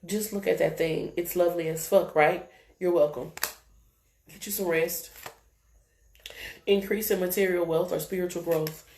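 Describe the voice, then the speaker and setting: A woman's voice: lowish voice, fairly even intonation, moderate pace, long pauses, a little mellow, a little hiss or hum. Blunt, profane woman doing a tarot reading. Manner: blunt, profane, laughing asides. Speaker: tarot reader. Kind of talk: live-stream tarot reading. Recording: roomy echo.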